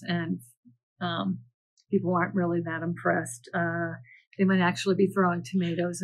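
A woman children's librarian reads picture books aloud in a gentle, storytelling way, adding playful asides. Her voice has a slightly husky, breathy edge. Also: lowish voice, low-quality recording.

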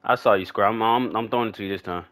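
A young man commentating his own football video game as he plays, slangy and swearing, often shouting with excitement. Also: on the low side, rapid-fire. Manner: trash-talking, swearing, hyped shouts; slangy, repetitive casual speech. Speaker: gaming YouTuber. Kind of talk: live gameplay commentary.

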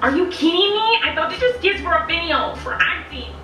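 A woman's voice: very high-pitched, lively intonation, brisk, bright, forceful tone, recorded from a distance, full character voice. A woman playing a self-obsessed, whiny female vlogger character in a nasal voice. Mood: boastful. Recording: video audio played in an echoey room from afar, with music.

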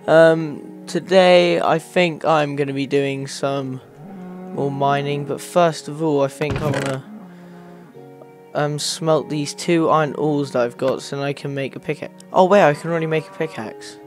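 A man's voice: fairly high pitch, fairly even intonation, measured pace, soft background music. A man hosting a gaming channel, casually commenting on his gameplay in a rambling way and talking straight to his viewers. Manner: rambling, talks to viewers while playing.

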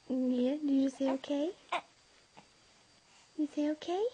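A woman's voice: sits high, fairly even intonation, slow pace, warm tone. A young mother at home, cooing teasing sing-song baby talk to her infant while filming on a handheld camera. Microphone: handheld camera mic.

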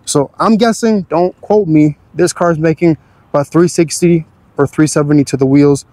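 Young guy showing off his car, chatty laid back talk, kinda high pitched, dry sound no room echo. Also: moderate pace, dark tone. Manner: easygoing, chatty, slangy. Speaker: car channel host. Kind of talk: casual car walkthrough.

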